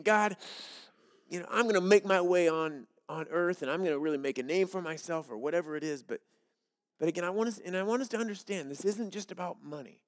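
A man's voice: high voice, fairly quick, long reverb tail. A male pastor giving a sermon, earnest and repetitive, with joke illustrations. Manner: earnest, repeats key phrases, tells jokes as illustrations.

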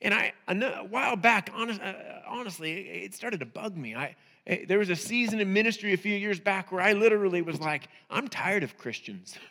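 A male pastor preaches in a conversational way, tossing rhetorical questions to his congregation. His voice is high and bright, with a long reverb from the church hall trailing behind it. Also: brisk, creaky. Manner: conversational, asks rhetorical "right?". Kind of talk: sermon.

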